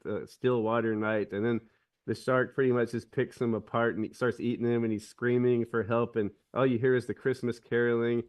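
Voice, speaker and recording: A man's voice: medium pitch, far from the mic. A man on a podcast, chatting casually and retelling a film scene with many restarts. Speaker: podcast co-host. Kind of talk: casual chat.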